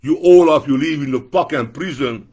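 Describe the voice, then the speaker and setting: A man giving an angry, profane political rant to camera, breaking into shouted outbursts. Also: a little high, moderate pace, slightly rough.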